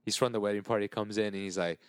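A man's voice: lowish voice, steady tone, fast, smooth, no echo, clean studio sound. A man in his thirties telling a story in casual chat as a podcast host. He is loose and profane, leans hard on "like", and laughs through his stories.

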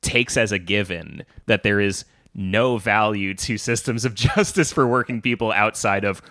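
A man with a low voice co-hosting a casual film podcast. He talks in an opinionated, wry way with plenty of fillers. His voice sounds dry and close to the mic. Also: moderate pace, bright, forceful tone, dry recording. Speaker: podcast co-host.

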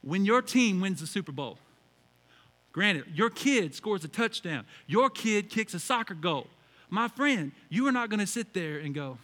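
A male pastor preaching a lively sermon, swinging from quiet reverence to loud shouts and playful acted-out quotes. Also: sits high, a little slow. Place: large church hall. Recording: church hall reverb.

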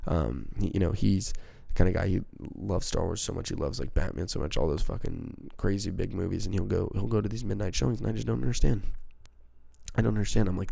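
Gravelly low-voiced man rambling on a podcast. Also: fast, mellow, no echo. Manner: rambling, profane, self-mocking. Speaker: podcast host. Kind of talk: casual solo podcast chat. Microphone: handheld microphone.

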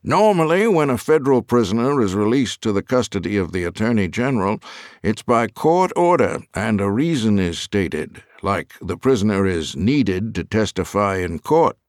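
A man's voice: fairly low pitch, sing-song, normal speed, a little mellow, no echo, studio quality. A man voicing a formal male prison warden in an audiobook, polite and businesslike. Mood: doubtful.

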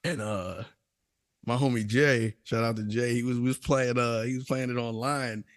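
A young man co-hosting a gaming podcast, telling stories in a loose, animated way, laughing and raising his voice when quoting others. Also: mid-range voice, moderate pace, no echo, clean studio sound. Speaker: podcast co-host. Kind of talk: casual storytelling chat.

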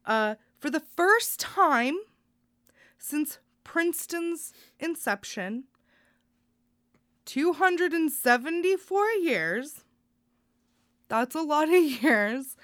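A young woman with a fairly high voice chats casually as a podcast co-host. She is earnest and heartfelt and often rambles. The sound is close and dry. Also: a bit bright, dry recording. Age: young adult. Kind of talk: casual news chat.

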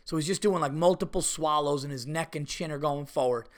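A middle-aged man hosting a podcast, telling stories in a casual, animated way while fighting off a cold. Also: on the high side, brisk. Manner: animated storytelling, exaggerated retelling. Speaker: podcast host.

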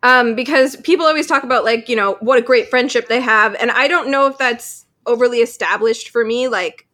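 A woman's voice: a little high, a little fast, sharp tone. A woman co-hosting a podcast in casual chat, thoughtful and agreeable. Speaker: podcast co-host.

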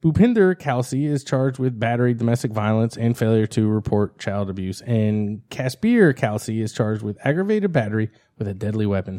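Animated man reading news on a podcast. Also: mid-range voice. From New Jersey. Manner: reads news aloud with stumbles and jokes. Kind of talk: casual comedy podcast banter.

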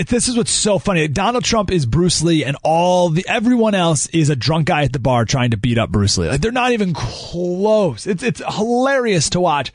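A talk radio host, a man, delivers emphatic commentary and keeps asking punchy rhetorical questions. His voice sits a little high and swings widely in pitch. The sound is close and dry. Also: dry recording.

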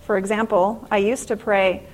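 A middle-aged woman speaking to an audience in an inspirational faith-based talk, telling stories in an earnest, animated way. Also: mid-range voice, normal speed, poor audio.

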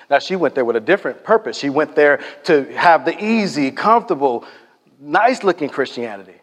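A man's voice: medium pitch, in a large hall. A man preaching a sermon, telling stories with emphasis and dropping to near-whispers for effect.

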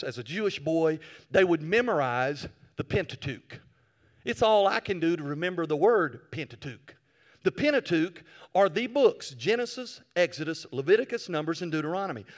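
A male pastor preaching a sermon, telling stories with animated swings from quiet asides to loud bursts. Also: a little high.

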